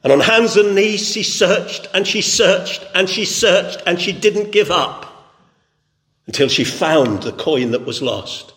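A man's voice: high voice, expressive, slow pace, pushed and bright. A man preaching a sermon with an emphatic, repetitive cadence. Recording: echoey hall.

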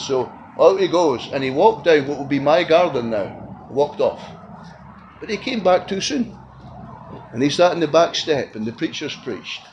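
A man preaching an evangelistic sermon at a tent meeting, swinging between loud appeals and hushed, quiet lines. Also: fairly high pitch, slight background noise, poor audio.

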